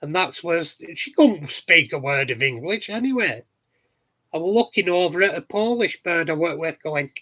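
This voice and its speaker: A man's voice: fairly high pitch, lively intonation, moderate pace, bright, forceful tone. A middle-aged man with a Yorkshire accent, telling cheeky anecdotes in casual chat to his viewers from his shed. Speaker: hobbyist vlogger answering viewers. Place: home garden shed.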